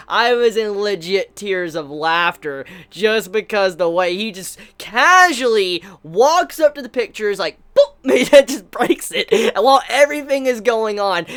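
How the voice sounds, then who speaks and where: A woman giving a casual manga review, excitable, often laughing and swearing casually. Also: mid-range voice, clear, resonant tone.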